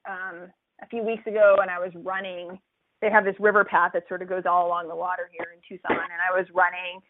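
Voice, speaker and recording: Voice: mid-range voice, dry recording. Doctor talking over a tinny phone line. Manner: conversational, many fillers and restarts. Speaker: physician who teaches residents. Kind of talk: casual reflective talk.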